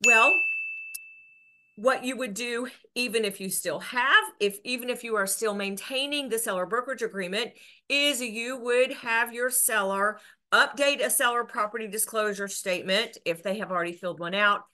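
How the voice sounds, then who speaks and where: A woman's voice: on the high side, moderate pace, pushed and bright. A woman real estate broker, explaining rules to agents in an earnest way, with restarts and filler words. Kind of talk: educational explainer to camera.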